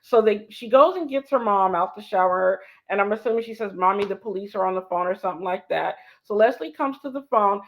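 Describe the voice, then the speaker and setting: A woman's voice: mid-range voice, a little fast, hardly any pauses. A woman in her fifties, co-hosting a show, tells a personal story with emphasis, repeating key points and acting out the dialogue. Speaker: co-host sharing a personal story. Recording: dull lo-fi sound.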